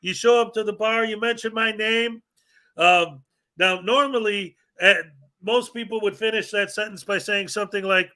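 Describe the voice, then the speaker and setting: A man's voice: sits high, normal speed, sharp tone. A man hosting a casual livestream chat who rambles and jokes with a guest, laughing often. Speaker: host.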